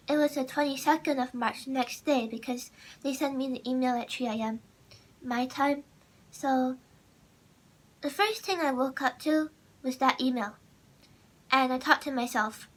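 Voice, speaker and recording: A young woman with a naturally high-pitched voice, talking in a rambling, self-correcting way in a casual vlog monologue. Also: measured pace, long pauses. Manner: rambling, self-correcting, bursts into loud mocking impressions. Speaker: content creator.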